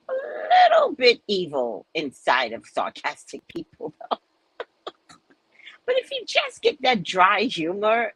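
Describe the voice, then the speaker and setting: Husky lady reading a spiritual book, animated and joking, dry close sound. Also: fairly low pitch, no room sound, poor audio. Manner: animated, laughing, candid asides. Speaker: spiritual reader and speaker. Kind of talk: reading a spiritual book aloud with casual commentary.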